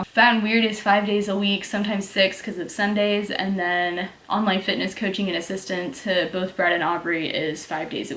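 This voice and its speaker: A young woman from Texas who makes fitness vlogs chats casually through a Q&A with viewers, her mild Texas accent peppered with "like." She has a lowish, fairly bright voice. The room sounds reverberant.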